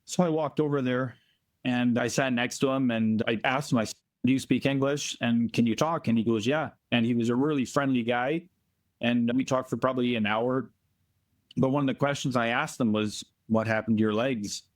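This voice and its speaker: A man from Canada, a volunteer being interviewed remotely, telling earnest stories in a plainspoken, emphatic way and slowing down to stress points. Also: mid-range voice, steady tone. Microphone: remote call from abroad.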